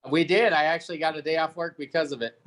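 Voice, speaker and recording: A man's voice: fairly high pitch, fairly even intonation, fast talker, a bit bright. A man on a video call, chatting in an easygoing way. He talks plainly about his day and pokes fun at himself. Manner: easygoing, self-deprecating. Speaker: teacher. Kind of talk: casual video-call chat.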